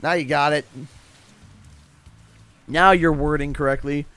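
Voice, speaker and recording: A young Canadian man chatting casually on a gaming livestream, laughing often and talking excitably as he reads out chat. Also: a little high, a little slow, smooth, no room sound. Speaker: streamer.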